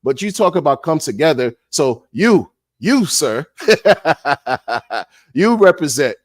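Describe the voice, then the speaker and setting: A man ranting in a casual monologue, animated and sarcastic, repeating words and laughing often. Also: fairly high pitch, takes it slowly, no echo, studio quality. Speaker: crypto commentator.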